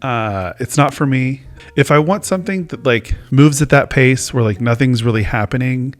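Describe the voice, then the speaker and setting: A man hosts his own casual talk show, chatty and rambling, poking fun at himself. His voice is mid-range and his pace moderate, with faint music in the background.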